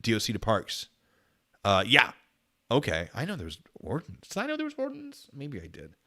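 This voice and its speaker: A man's voice: medium pitch, wildly swooping pitch, normal speed, bright, forceful tone. Giggly man chatting through comments. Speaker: channel host. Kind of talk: casual livestream chat, reading comments.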